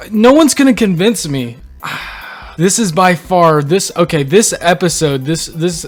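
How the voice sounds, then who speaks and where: A young man hosting a reaction video, reading posts aloud and reacting with animated disbelief. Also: a little high. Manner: incredulous, animated, reads quotes aloud and reacts. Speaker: channel host reading posts. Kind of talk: reaction commentary.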